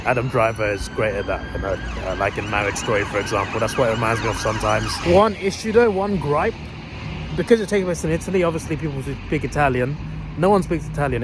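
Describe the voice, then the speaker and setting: A young man rambling casually through a movie review vlog, laughing as he talks. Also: medium pitch. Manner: chatty, rambling, laughs often. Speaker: movie vlogger. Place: outdoors and in a cinema. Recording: noisy outdoor phone recording. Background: wind and traffic.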